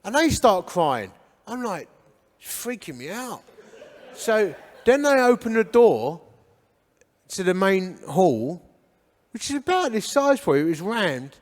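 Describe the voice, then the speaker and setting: A man's voice: high-pitched, slow, pauses often. A man in his fifties from England, telling his life story at a church, acting out the voices of people he met. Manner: animated storyteller who acts out what people said. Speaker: guest speaker giving his life story. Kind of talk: church testimony talk. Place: church hall with an audience. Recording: reverberant church hall.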